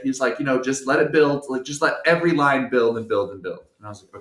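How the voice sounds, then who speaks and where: A young man telling a personal story on a talk show. He acts out the other voices and swings from soft to shouting. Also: mid-range voice, fairly quick. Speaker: guest storyteller. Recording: echoey room.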